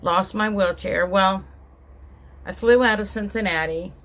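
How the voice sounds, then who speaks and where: A middle-aged woman recounts a personal travel story to camera at a slow, unhurried pace. She rambles, restarts her sentences, and lets her feelings about what happened show in a casual, heartfelt vlog delivery. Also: medium pitch, fairly bright tone. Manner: rambling, with many restarts and asides; emotional, recounting being upset. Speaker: vlogger.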